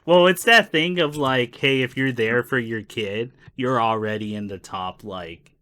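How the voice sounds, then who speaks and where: Man, podcast co-host, bright voice, animated laughing storyteller, casual swearing. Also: medium pitch, measured pace. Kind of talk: casual movie-review chat.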